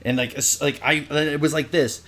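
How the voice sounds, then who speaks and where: A young man casually telling a story on a podcast, acting out quotes in higher voices. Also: normal speed. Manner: animated storyteller, acts out quotes in high voices. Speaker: podcast co-host.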